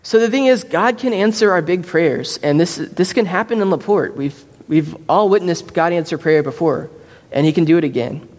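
Pastor guy telling stories in a sermon, kinda high voice, lots of ums, big echoey church. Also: moderate pace, darkish tone. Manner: casual storytelling with many fillers and restarts.

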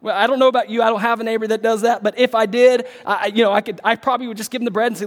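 A man preaching a sermon as pastor, emphatic and repetitive, swinging from loud, drawn-out lines to hushed, close asides. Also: very high-pitched. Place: church. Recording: church hall with long reverb.

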